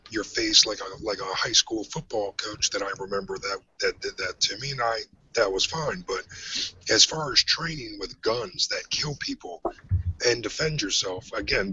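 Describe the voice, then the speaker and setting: A man's voice: lowish voice, bright, forceful tone, breathy edge. A man hosting a casual panel chat, ribbing his guests with profane talk and calling on each one in turn. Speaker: podcast host. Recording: muffled lo-fi audio.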